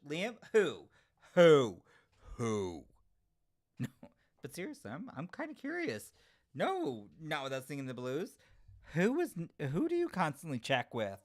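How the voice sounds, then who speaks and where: A man hosting a casual livestream, answering chat comments in an animated, giggly way. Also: fairly high pitch, measured pace. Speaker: livestream host reading chat.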